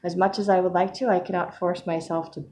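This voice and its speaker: A woman's voice: fairly low pitch, little pitch movement, quick pace, dark tone, a little hiss or hum. A woman recording a casual video diary at home, talking hesitantly with many fillers, her voice still a little worn from crying earlier. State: recently crying. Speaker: vlogger.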